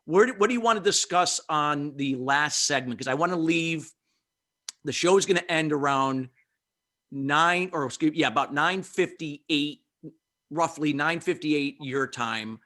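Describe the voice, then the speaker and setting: A man's voice: fairly high pitch, a little slow, sharp tone. A man hosting a radio interview show, enthusiastic and affirming toward his guests.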